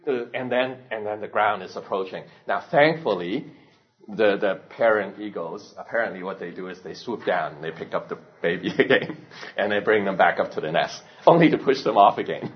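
A male pastor telling a story in a sermon, animated, laughing often and asking his listeners questions, in a dull lo-fi recording. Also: lowish voice, normal speed.

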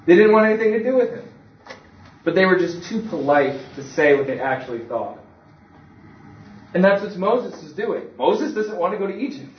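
Guy giving a sermon, chatty storytelling, slightly high voice, echoey room, a bit far from the mic. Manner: conversational storytelling with acted quotes. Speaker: preacher. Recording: echoey room, speaker away from the mic, dull sound.

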